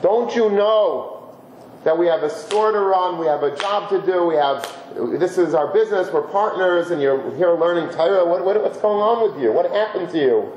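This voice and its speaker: A man voicing a middle-aged shopkeeper's wife who scolds her husband with rapid-fire questions. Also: high voice, lively intonation, darkish tone, roomy sound, slight background noise, rough recording. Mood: furious.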